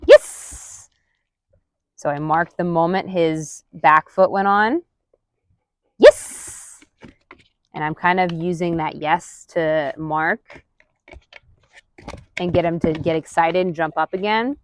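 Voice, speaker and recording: A woman dog trainer narrating a training session, murmuring quiet asides and counts, then calling out loud, high-pitched praise to her dog. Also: fairly even intonation, a little slow. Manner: counts softly under her breath. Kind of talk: live commentary during a dog training session.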